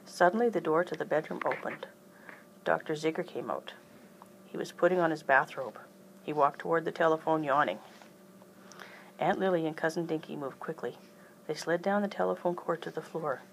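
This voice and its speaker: A woman reading a children's chapter book aloud in an even storytelling manner. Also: sits low, normal speed, vocal fry, long pauses, a little hiss or hum, low-quality recording. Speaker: reader.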